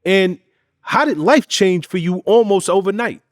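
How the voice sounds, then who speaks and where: A man's voice: sits high, expressive, a little slow, no room sound, studio quality. A male interviewer asking questions casually and piling several questions together. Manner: conversational, stacks up questions.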